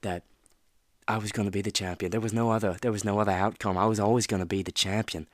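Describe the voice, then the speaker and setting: A man's voice: fairly low pitch, fairly even intonation, fast talker, dry recording, clean studio sound, natural voice. A man putting on a weak Irish accent to play a brash, boastful fighter. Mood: defiant boast. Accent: attempted Irish. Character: brash cocky male Irish fighter, defiant.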